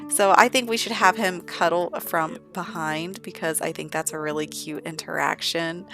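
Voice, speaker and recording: A young woman with a lowish voice, narrating a life-sim game with gushing enthusiasm. Casual, chatty commentary over faint background music. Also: fairly even intonation, normal speed, gravelly, few pauses, a bit bright. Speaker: gaming channel host.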